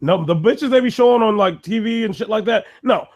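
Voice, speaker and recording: A man's voice: high-pitched, a little fast, a little mellow. A man co-hosting a casual talk, ranting bluntly and swearing heavily. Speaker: podcast co-host. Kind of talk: casual profane discussion.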